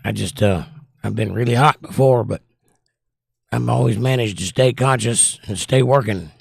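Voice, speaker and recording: A hoarse, squeaky-voiced man hosting a casual livestream and reading chat messages aloud in a wry, blunt way. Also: normal speed, no room sound, studio quality. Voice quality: squeaky, croaky. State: hoarse, losing his voice.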